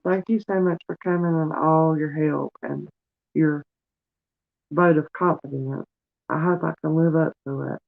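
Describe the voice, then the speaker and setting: A woman's voice: sits low, gravelly. A middle-aged woman chatting on a live stream, tearful and calling viewers honey. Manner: warm, calls viewers honey and sweetie. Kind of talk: casual live-stream chat. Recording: tinny phone-like sound.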